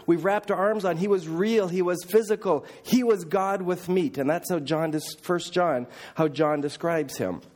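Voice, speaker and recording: A middle-aged man preaching a sermon as a missionary, telling stories earnestly and emphatically, often dropping quiet and then rising again. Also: fairly high pitch. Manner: earnest, emphatic, with restarts and swings from loud to quiet. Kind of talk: sermon storytelling.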